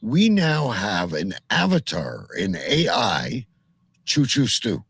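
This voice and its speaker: Male host, very animated pitch, raspy fry, dry mic, casual and laid-back. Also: slow pace, no echo. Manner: laid-back, laughs often. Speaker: podcast host. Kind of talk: casual chat.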